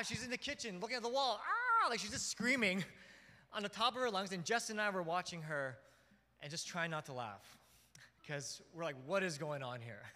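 A man preaching a sermon as pastor, telling family stories with lively acted-out scenes. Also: on the high side, in a large hall. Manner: animated storytelling, acts out scenes.

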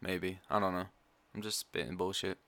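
A young man chats loosely, hedging and trailing off with fillers. His voice is bright and sharp-edged. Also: low-pitched, fairly even intonation, moderate pace. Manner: mumbling, hesitant, lots of fillers. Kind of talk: casual chat.

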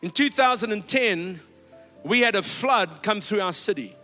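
A man's voice: high-pitched, expressive, moderate pace, pushed and bright, faint music behind. A man pastor preaching a sermon in a church, exhorting the congregation and telling stories with quoted dialogue. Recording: long hall reverb.

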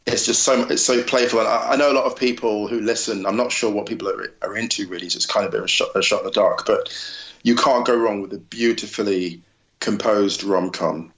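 A man's voice: on the low side, steady tone, fairly quick, fairly bright tone. A man chatting as a podcast guest, gushing enthusiastically about films he loves. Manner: effusive, enthusiastic. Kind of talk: casual chat. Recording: roomy echo.

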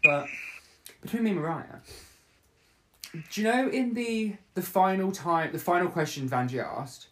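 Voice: mid-range voice, lively intonation, unhurried, pauses often, slight background noise. A podcast host rambling through a casual chat and laughing often.

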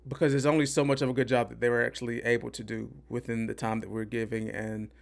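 A man's voice: medium pitch, flat delivery, quick pace, creaky. A man hosting a podcast, giving an opinionated, rambling movie review and repeating himself for emphasis. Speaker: podcast host. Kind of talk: casual movie review rant.

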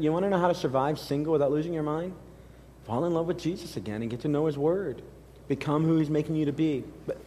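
A fairly high-voiced male pastor preaching with earnest, building emphasis. His voice carries a long echo through a church sanctuary, the reverberant hall of a live service. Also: dark tone. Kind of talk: sermon.

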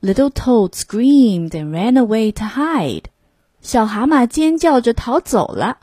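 A woman reading a children's storybook aloud, line by line in two languages, clearly and expressively. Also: fairly high pitch, very animated, takes it slowly, warm tone, no room sound. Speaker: storybook reader.

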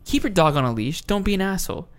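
Role: podcast host. Style: casual chat. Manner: heated, profane rant with frequent restarts. Pitch: middling. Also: expressive, fast talker, clear, resonant tone. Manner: ranting, profane, with many restarts.

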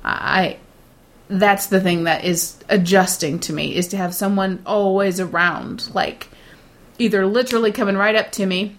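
A middle-aged woman talks in a relaxed, blunt way, sure of herself and unbothered. When she quotes nervous coworkers, she slips into mocking put-on voices. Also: mid-range voice, moderate pace. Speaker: data center shift supervisor. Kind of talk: casual chat.

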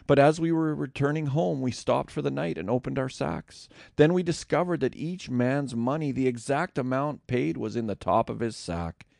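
A man's voice: mid-range voice, moderate pace, creaky, hardly any pauses, darkish tone, no room sound, clean studio sound, voice pushed up, natural voice. A man reading the lines of a group of frightened brothers in a scripture reading, with an anxious, explaining delivery.

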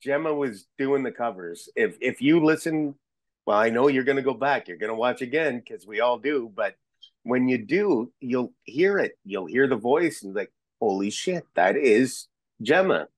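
Man, podcast guest, excitable rambling storyteller, average pitch, dry close sound. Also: moderate pace, no room sound. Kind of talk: casual chat.

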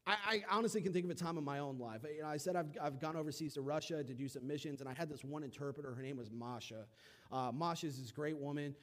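A young man preaching a casual sermon, telling stories with animated, acted-out quotes and big swings in loudness. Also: a little high, quick pace.

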